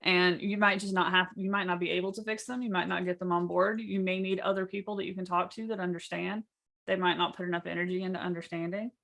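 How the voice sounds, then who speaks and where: A woman coach talks through a casual workshop in a calm, measured way. Her voice sits a little low, and she is plain and matter-of-fact. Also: vocal fry. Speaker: business coach.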